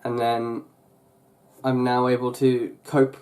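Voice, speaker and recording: A man's voice: medium pitch, monotone, takes it slowly, a little mellow. A young man from England talking casually on his vlog, rambling with lots of fillers and restarts. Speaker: YouTuber.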